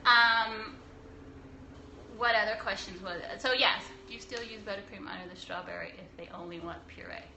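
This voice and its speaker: In an echoey room with a noisy background, a young cake decorator chats through viewers' questions on a casual live stream. Her medium-pitched voice is steady and creaky at a normal pace, and she comes across blunt and preachy, with some laughter and mild swearing.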